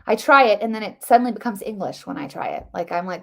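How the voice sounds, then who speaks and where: A middle-aged woman hosts a live political commentary stream, speaking quickly in a mid-range voice with vocal fry and few pauses. She's animated and rambling, full of restarts and fillers, and calls her viewers "guys."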